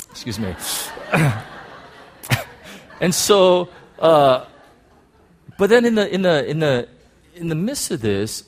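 A man preaching a sermon, telling a personal story in an excited, animated way with many restarts. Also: mid-range voice.

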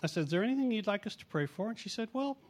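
Middle-aged guy preaching, tells stories, bit high voice, jokes on himself. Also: lively intonation, rapid-fire. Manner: chatty, self-mocking, acts out quotes. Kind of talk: storytelling sermon.

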